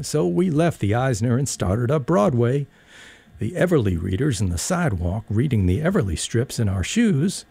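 Gravelly, dark-voiced man narrating a story. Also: mid-range voice, no echo. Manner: wry, rambling storyteller. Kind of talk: audiobook reading, first-person story.

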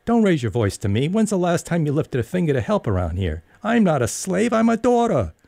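A man voicing a spoiled, quick-tempered young woman who argues in a sharp, exasperated, whiny way and ends up crying. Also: on the high side, wildly swooping pitch, vocal fry, no echo, voice pushed up, exaggerated voice.

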